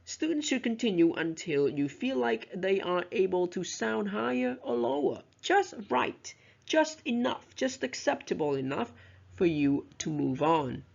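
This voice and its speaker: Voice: medium pitch, very animated, a little slow, vocal fry. A teacher giving a lecture on pronunciation, explaining step by step and modeling example sentences aloud. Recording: dull, lo-fi recording.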